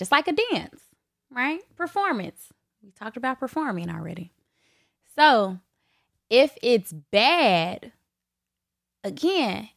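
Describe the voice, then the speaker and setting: A young woman hosting her own podcast, talking candidly and bluntly with lots of swearing and laughter, her voice jumping from loud bursts to low asides. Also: no echo, clean studio sound. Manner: blunt, profane, laughing often. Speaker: podcast host. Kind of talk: candid solo podcast talk.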